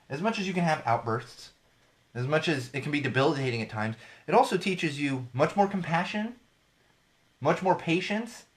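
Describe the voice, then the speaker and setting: A young man hosting a solo podcast, talking candidly and rambling, with frequent restarts and fillers. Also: fairly high pitch. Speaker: podcast host. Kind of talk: casual solo podcast talk.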